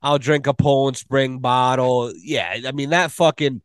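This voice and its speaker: A podcast host tells rambling, profane stories in casual chat, recorded with clean studio sound and no room sound. His mid-range voice is clear and resonant, with fairly even intonation and a measured pace.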